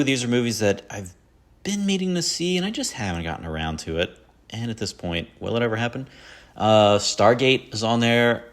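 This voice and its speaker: The host's voice is on the low side and a bit bright. Alone on a casual podcast, he rambles about his favorite films with self-mockery and keeps slipping into quoted lines.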